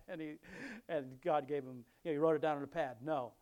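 A man's voice: on the high side, steady tone, fairly quick, darkish tone, highs cut off. A middle-aged man preaching, reading Bible verses aloud and breaking off into chatty commentary with frequent chuckles. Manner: reads scripture aloud, then chats and chuckles between verses.

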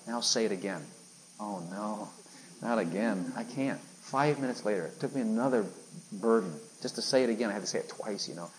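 A male preacher tells his own story with earnest conviction, voicing the lines he once said and now and then singing out with great extravagance. His voice sits in a medium pitch, and a faint hiss runs under the recording. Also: low-quality recording. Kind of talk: sermon testimony.

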